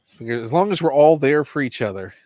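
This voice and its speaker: A man hosts a relaxed chat, his voice sitting a little high and jumping around a lot as he jokes. The sound is dry and close, with no room around it. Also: a little fast, no echo. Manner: lively, jokey, reads packaging aloud. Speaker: host. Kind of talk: casual chat while opening toys.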